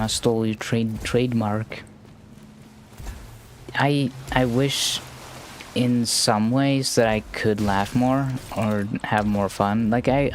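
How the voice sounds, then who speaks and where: Low, monotone male streamer. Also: slight background noise. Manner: monotone, slow and rambling with restarts. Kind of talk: casual live-stream chat while gaming.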